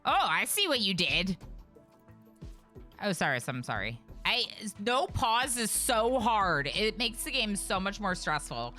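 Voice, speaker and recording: A young woman streams a game live, chatting with viewers and calling out to the characters on screen. Her voice is bright and sits a little low, but it swings widely. Faint music plays underneath. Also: animated, unhurried. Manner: chatty, reacts aloud to the game and greets chat.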